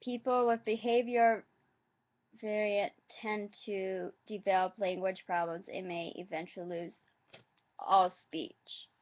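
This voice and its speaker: Woman reading facts aloud, hesitant, slow, muffled lo-fi home audio. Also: mid-range voice, flat delivery. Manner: halting, hesitant reading with asides. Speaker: vlogger.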